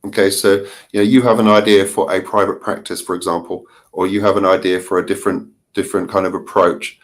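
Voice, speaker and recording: A man's voice: deep voice, level tone, fast talker. Chatty laughing man in an interview. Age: middle-aged. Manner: chatty, laughs often, many restarts. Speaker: interview guest, marketing consultant. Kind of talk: casual interview answers.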